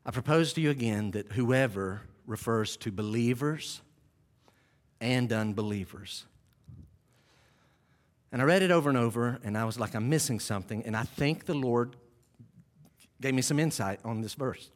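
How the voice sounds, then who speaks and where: A male pastor delivers a sermon in a large church hall, and his voice rings with long reverb. He drops low and quiet to teach, then climbs loud and high to tell a story vividly. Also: moderate pace, long pauses.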